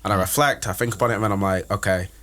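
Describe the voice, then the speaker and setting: Young guy on a podcast talking fast, lots of likes, pretty open. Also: fairly low pitch, fairly even intonation, bright, forceful tone. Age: young adult. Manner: open, talkative, many "like" fillers. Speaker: podcast guest, philosophy student. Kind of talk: casual chat.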